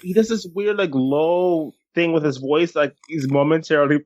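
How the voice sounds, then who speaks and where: A man co-hosting a podcast who tells things in an animated, expressive way in casual chat. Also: fairly high pitch, normal speed, dry recording, lo-fi sound. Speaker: podcast co-host.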